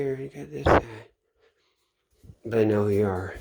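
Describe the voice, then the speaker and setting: A man's voice: fairly low pitch, a little slow, background noise. Rambling, profane middle-aged man. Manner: rambling, profane, trailing off into mutters. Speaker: channel host. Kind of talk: late-night rambling monologue. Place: home at night.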